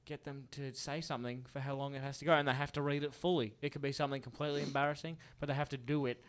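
A man co-hosting a casual podcast chat, excitable and quick to laugh. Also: medium pitch. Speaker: podcast co-host.

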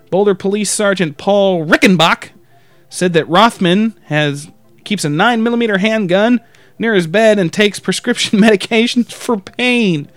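Brief: young male podcast co-host, high voice, profane and joking, bursts into loud shouted bits; dry close sound. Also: clean tone, no room sound. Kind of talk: crude casual banter.

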